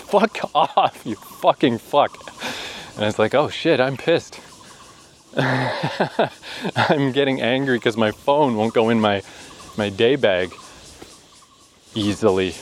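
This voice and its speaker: A man's voice: lowish voice, slight background noise, rough recording. A man narrating a vlog while hiking a hot forest trail, sweaty and short of breath, chatty and self-mocking with bursts of swearing. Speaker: vlogger.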